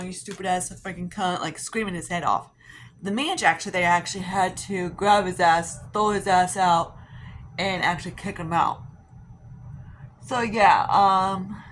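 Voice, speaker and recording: A woman's voice: on the low side, fairly bright tone, slight background noise. A young woman chatting casually while doing her makeup, rambling and swearing with lots of fillers. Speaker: beauty vlogger. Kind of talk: casual get-ready-with-me storytelling.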